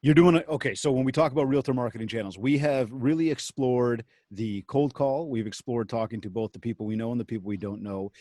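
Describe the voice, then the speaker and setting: A man hosting a live podcast interview, energetic and casual, with slangy phrasing. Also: medium pitch, no echo. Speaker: podcast host.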